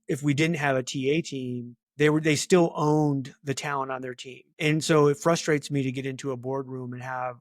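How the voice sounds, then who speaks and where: A middle-aged man talking as a guest in a casual interview, chatty and animated, full of filler words. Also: mid-range voice, no room sound, studio quality. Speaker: talent acquisition leader, guest.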